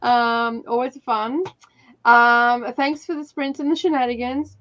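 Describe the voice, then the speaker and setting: A woman hosts a laid-back reading sprint stream, chatting with friends and reading comments aloud with frequent laughs. Her voice sits a bit high, and the mic sound is a little dull and muffled. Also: flat delivery, measured pace, a bit bright. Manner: reads out chat comments, laughs often. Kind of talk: casual chat on a livestream.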